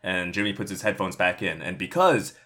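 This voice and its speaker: A man casually narrating a comic movie pitch, rambling with lots of fillers. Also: expressive, brisk, fairly bright tone. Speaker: podcast co-host pitching a movie. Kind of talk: casual comedic storytelling.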